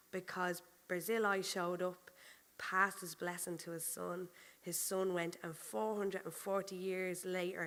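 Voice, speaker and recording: A woman pastor preaching a sermon, chatty and animated, telling personal stories and often laughing as she goes. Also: lowish voice.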